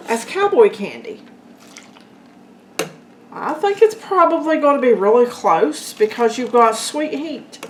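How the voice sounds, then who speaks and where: A woman's voice: on the high side, lively intonation, a little slow, pauses often, slight background noise. A woman hosting a home cooking video, chatting casually to her viewers as she works in her kitchen. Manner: chatty, talks to viewers as guys and folks. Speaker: home cooking channel host. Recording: echoey kitchen room. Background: clinking dishes and utensils.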